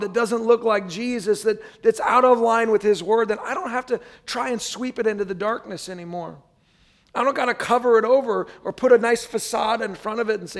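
A male pastor gives a sermon to his church, talking it through in a casual way and turning to the congregation now and then. His voice sits high and has a gravelly edge. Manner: conversational preaching with frequent asides to the congregation.

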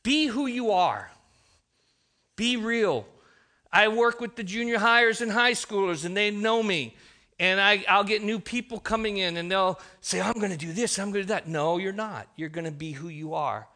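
A man's voice: high voice, measured pace, pushed and bright. A man preaching a sermon, emphatic, often restarting his sentences.

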